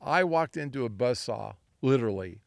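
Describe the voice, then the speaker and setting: A man's voice: medium pitch, expressive, moderate pace, creaky, no room sound. An older man from Southern California, a winery founder telling rambling, anecdotal stories in an interview. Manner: rambling, anecdotal, acts out quoted voices. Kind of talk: storytelling interview.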